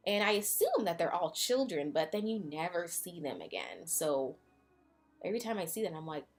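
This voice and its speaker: A woman's voice: fairly low pitch, big pitch swings, moderate pace, faint music behind. A woman vlogger giving a sarcastic, casual retelling, full of fillers.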